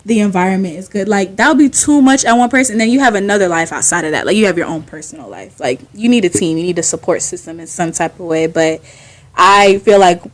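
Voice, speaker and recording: A young woman talking as a podcast guest in a casual, animated way, laughing often and using slang. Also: mid-range voice, fast talker. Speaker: guest, skincare business owner.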